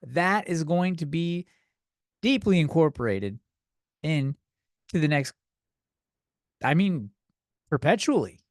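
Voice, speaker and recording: Young male podcast host, slightly high-pitched, rambling profane rant, dry close-mic sound. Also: lively intonation, slow pace, pauses often, no room sound. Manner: rambling, profane, self-deprecating. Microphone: desk microphone.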